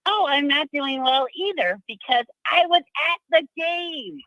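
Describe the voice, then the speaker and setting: A man's voice: extremely high pitch, animated, unhurried, sharp tone, no echo, dull audio. A male caller on a sports show, speaking bluntly and complaining. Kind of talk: phone call-in.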